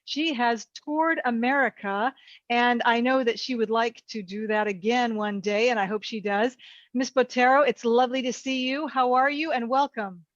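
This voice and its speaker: A woman's voice: on the high side, steady tone, normal speed, dry recording, muffled recording. A woman co-hosting an interview show, introducing a guest formally. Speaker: co-host.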